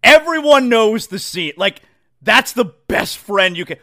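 A man hosting a sports talk show, rambling in an animated, casual monologue and often repeating himself. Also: high voice, a little slow.

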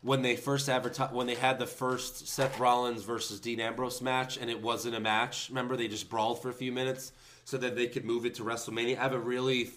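Bright-voiced excitable podcast man. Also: medium pitch, brisk, slight background noise. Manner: excitable, yells impressions. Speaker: podcast co-host. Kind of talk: casual chat.

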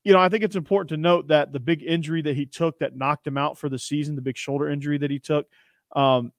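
A man's voice: fairly high pitch, fairly even intonation, fast talker, no room sound, studio quality. A man hosting a sports podcast, chatting and telling stories in an upbeat way. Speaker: podcast host. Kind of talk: casual sports podcast chat.

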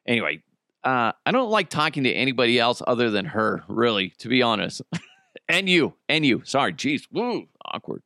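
A man's voice: medium pitch, very animated, measured pace, pushed and bright, no room sound, clean studio sound. A man hosting a solo comedy podcast, rambling and self-deprecating, with frequent swearing. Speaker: podcast host.

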